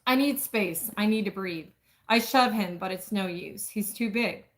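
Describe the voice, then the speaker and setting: A woman's voice: mid-range voice, measured pace. Woman reading a romance novel aloud. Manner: dramatic reading with asides about stumbles. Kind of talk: live-streamed book reading.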